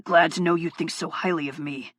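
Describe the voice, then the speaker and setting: A woman voicing a gruff, hot-tempered male FBI agent in an audiobook, curt and swearing. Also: deep voice, steady tone, fairly quick, a bit bright, dry recording, clean studio sound, voice pushed down. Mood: angry. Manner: curt, swearing, mutters darkly. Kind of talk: audiobook character voice.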